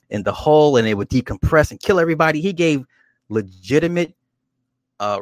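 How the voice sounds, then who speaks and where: Dude rambling through a show recap, repeats himself, curses, dry close mic. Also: male voice, medium pitch, dry recording. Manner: rambling, repeats words, swears. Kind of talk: casual chat.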